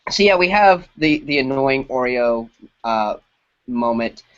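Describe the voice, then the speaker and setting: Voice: medium pitch, lively intonation, a little slow. A podcast co-host talking in casual chat, rambling with many fillers and restarts. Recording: dull lo-fi podcast audio.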